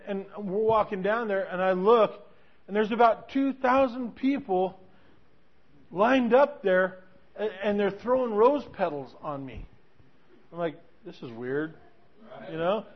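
A man with a notably high voice delivers a sermon as a lively story. He keeps restarting his sentences. The recording sounds dull and lo-fi. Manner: animated, with many restarts. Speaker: preacher.

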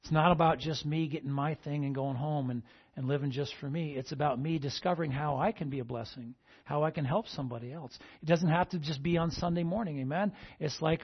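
The husky, slightly high voice of a male pastor moves a little fast through his sermon, captured in dull audio. After each point he checks in with the congregation by asking "amen?", keeping up a repeated call-and-response.

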